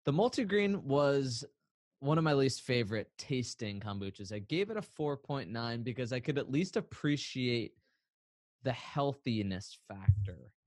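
A man's voice: mid-range voice, expressive, a little slow, darkish tone, no room sound. Playful, laughing podcast co-host man. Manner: playful, laughs often, rambling asides. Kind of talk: casual chat.

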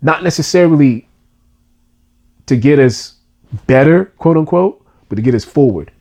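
A man's voice: a little high, expressive, normal speed, creaky, mellow. A man co-hosting a podcast, telling a personal story in an earnest, emotional way with casual slang.

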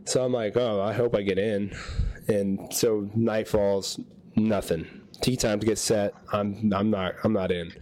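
Unhurried and fairly low-pitched, a man co-hosting a podcast relates a long tale in casual chat. He brings it to life by animatedly performing what others said.

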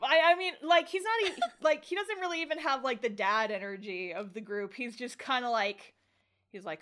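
A young woman co-hosts a casual podcast in a slightly high voice. She is animated and laughs often, and she acts out the characters' lines as she retells scenes. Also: moderate pace. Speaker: podcast co-host. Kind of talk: casual chat.

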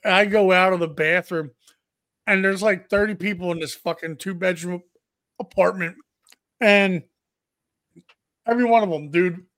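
A man's voice: high voice, normal speed, long pauses, a bit bright, no room sound, studio quality. A man co-hosting a podcast, telling a profane story boisterously and acting out what people said. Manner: profane, boisterous, acts out quotes. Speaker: podcast co-host. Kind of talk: crude comedic storytelling.

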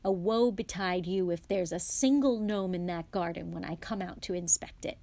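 A woman's voice: lowish voice, normal speed, gravelly, warm tone. A woman reading aloud as a stern middle-aged mother who scolds her sons and fusses over a guest. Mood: scolding. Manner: scolding, snappish, then fond.

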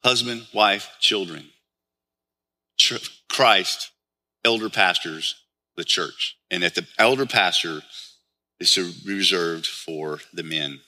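Male pastor, sermon delivery, very bright and forceful tone, keeps asking rhetorical questions. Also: low-pitched, slow pace, long pauses. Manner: explains scripture with frequent rhetorical questions.

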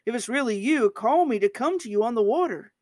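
A woman's voice: a little high, animated, a little fast, darkish tone, no echo. An eager, bold fisherman disciple, as a woman reads him aloud, pleading and urgent as he calls out in a scripture story. The voice rises with feeling, and the recording is close and dry.

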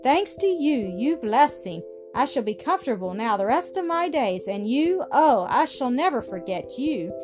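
A woman reading aloud, voicing a poor, gentle old spinster who exclaims with strong feeling. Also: sits high, big pitch swings, normal speed, hardly any pauses. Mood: grateful. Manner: emotional, exclaiming. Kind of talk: storybook reading. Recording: music playing behind.

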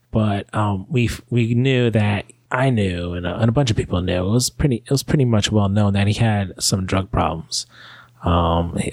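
Low-voiced guy calling in, rambly story, lots of ums and swearing, dry sound. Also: no echo. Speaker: caller. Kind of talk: casual storytelling.

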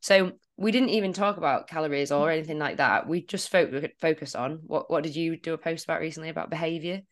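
A woman's voice: low voice, quick pace. A woman co-hosting a podcast as a fitness coach, talking earnestly and reflectively about clients. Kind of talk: casual podcast chat.

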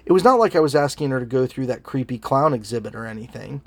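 A man's voice: medium pitch, animated, fast talker, dry recording. A man preaching a sermon as a pastor, earnest and emphatic, weaving in personal stories.

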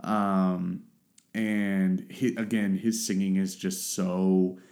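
Man, solo podcast host, casual talk, rambling, searching for words, lowish voice. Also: little pitch movement, slow, darkish tone.

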